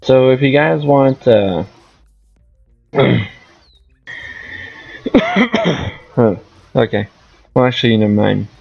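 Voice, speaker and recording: A man's voice: medium pitch, very animated, takes it slowly, vocal fry, pauses often, dull audio, faint music behind. A man giving casual gameplay commentary as a streamer, rambling and thinking aloud. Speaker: gaming streamer.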